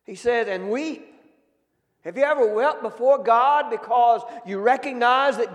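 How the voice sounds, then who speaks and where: High-voiced man preaching. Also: unhurried. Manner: folksy, calls out questions to the congregation. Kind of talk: sermon. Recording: long reverb of a hall.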